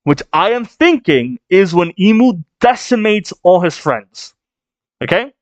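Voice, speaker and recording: A man reading a manga chapter aloud and reacting, animated and chatty, thinking out loud. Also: high voice, measured pace, dry recording.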